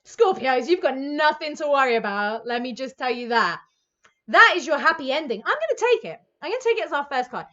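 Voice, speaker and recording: Gushing excitable woman tarot reader. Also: sits high, fairly quick, hardly any pauses, highs cut off. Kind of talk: tarot reading monologue.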